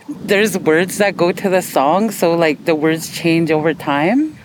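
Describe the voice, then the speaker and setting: Interviewee: middle-aged woman from Canada, halting and unhurried, faint hiss behind her. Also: lowish voice, lively intonation, rough recording. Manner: hesitant, full of fillers and restarts. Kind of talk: reflective documentary interview.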